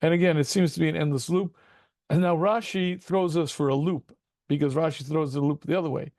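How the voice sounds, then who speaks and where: A rabbi leads an interactive Talmud class over a video call. His fairly high voice is gravelly, and the sound is dry and close. He throws rhetorical questions at his students and calls them gentlemen. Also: steady tone, dry recording. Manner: self-deprecating chuckles, quick asides.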